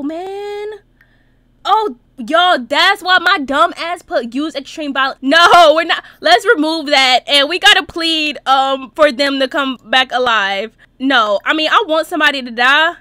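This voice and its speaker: A young woman chats over her life-sim gameplay in a high, bright voice that swings up and down all the time. She is expressive, swears freely and keeps talking straight to her viewers. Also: moderate pace. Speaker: Sims gameplay YouTuber. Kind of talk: casual gameplay commentary.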